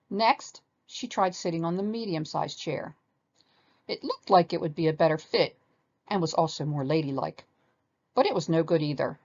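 Expressive woman reading a storybook. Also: lowish voice, moderate pace, lo-fi sound. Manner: expressive, animated narration.

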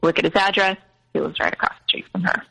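Young woman telling a rough family story, bright voice with gravelly edges, candid and shaken. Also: lowish voice, fairly even intonation, fast talker, low-quality recording. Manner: candid, upset, quotes others in her own voice. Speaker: guest telling her story. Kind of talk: personal storytelling.

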